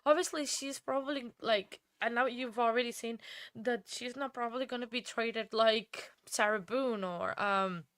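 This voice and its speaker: A woman with a clear, resonant, slightly bright voice on the higher side hosts a casual true crime livestream at a moderate pace. Tired and emotional, she speaks from the heart, rambles with many restarts, and answers viewers by name; there's no echo.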